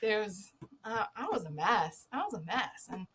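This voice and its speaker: A woman's voice: mid-range voice, lively intonation, normal speed, fairly bright tone, slight background noise. A woman guest on a podcast, a former zookeeper telling a casual anecdote, swearing freely and laughing often.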